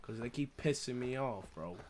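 A young man streaming a shooter game live, swearing and trash-talking through casual commentary with sudden loud outbursts. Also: mid-range voice, lively intonation, normal speed, a little hiss or hum. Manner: profane, loud, reacts with outbursts and trash talk. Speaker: gaming streamer.

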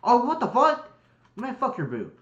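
A man's voice: very high voice, huge pitch swings, normal speed, fairly bright tone, slightly rough, lo-fi sound. A man swearing and laughing as he teases a friend during casual gameplay chat. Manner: swears constantly, laughs a lot, teasing. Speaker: gamer playing with a friend.

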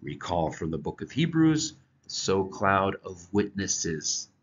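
A man teaching a Bible lesson from slides, explaining deliberately with occasional halting restarts. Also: deep voice, big pitch swings, breathy edge. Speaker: church teacher. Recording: dull lo-fi recording.

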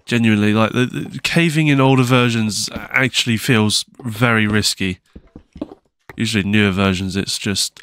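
A man's voice: lowish voice, normal speed, a bit bright, clean tone. A man giving casual, nervous commentary while playing a video game, with frequent startled exclamations and self-mocking asides. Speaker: gaming channel host.

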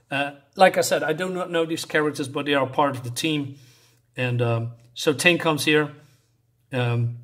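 A man casually reviewing a comic book and recapping its story, often halting and restarting as he searches for words. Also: on the high side, fairly bright tone.

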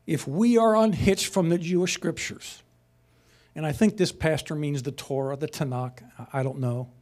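A man's voice: fairly high pitch, measured pace, pauses often, darkish tone. A man teaching a sermon-style lesson, conversational and passionate, rising to emphatic peaks. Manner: conversational asides, chuckles.

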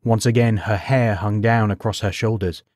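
A man narrating a bedtime story in a measured, unhurried way. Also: lowish voice, steady tone, a little mellow, no room sound, clean studio sound.

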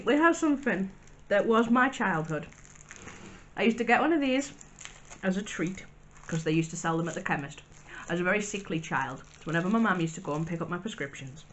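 Woman, casual vlog, chatty, wry asides, faint background hiss. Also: on the low side. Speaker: vlogger. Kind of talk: casual snack review vlog.

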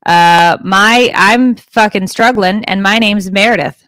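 A woman's voice: mid-range voice, unhurried, a bit bright, dry recording. A woman co-hosting a podcast at home, chatting casually in a rambling way with crude jokes. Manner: rambling, laughing, crude joking. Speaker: podcast co-host. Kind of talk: casual chat. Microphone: podcast microphone.

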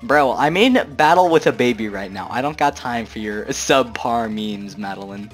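A young man hosting a casual let's-play, joking, excitable and full of slang as he comments on the game. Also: medium pitch, moderate pace, soft background music. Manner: slangy, joking, excitable, says "bro" a lot. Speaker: gaming channel host.

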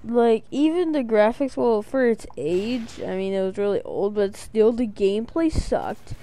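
Female gamer commentator, high-pitched, rambling and jokey with sudden excited spikes. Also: unhurried. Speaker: let's play commentator. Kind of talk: casual gameplay commentary.

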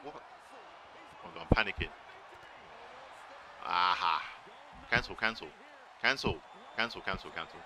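A man streaming a wrestling video game live, excitedly commentating, swearing and shouting at the screen. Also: low voice, unhurried, long pauses, background noise. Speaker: gaming streamer.

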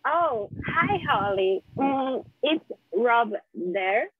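A woman reading the part of a jealous young girlfriend, slowly and carefully, in a classroom role-play. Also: a little high, animated, husky, dry recording, phone-quality sound, heavily acted. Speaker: student reading a dialogue.

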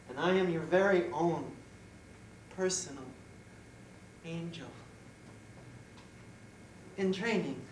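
A woman performing live on stage as a flustered, giggly female goddess-in-training who chats directly with the audience. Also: low-pitched. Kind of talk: live solo theater performance. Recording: echoey live room, distant mic, background noise.

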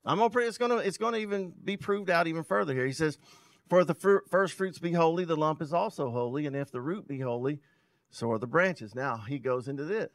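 A male pastor preaching a sermon, reading scripture aloud and explaining it with emphatic swells in loudness. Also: fairly high pitch, animated, brisk, no room sound. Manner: loudness rising and falling sharply for emphasis.

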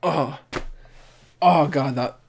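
A man with a somewhat high-pitched voice talks through his reaction as an anime reviewer. He is candid and excitable, swears freely, restarts his sentences, and sounds openly moved. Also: extremely slow, gravelly, slight background noise. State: emotionally moved. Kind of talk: casual reaction commentary.

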